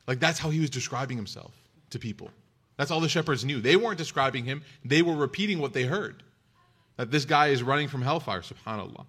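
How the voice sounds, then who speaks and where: A man at a middle pitch tells a religious story in a relaxed, chatty way. He fills his sentences with casual asides as he goes. He speaks from home. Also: quick pace, husky. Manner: conversational, loose, lots of "you know" and "like". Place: at home with his child nearby.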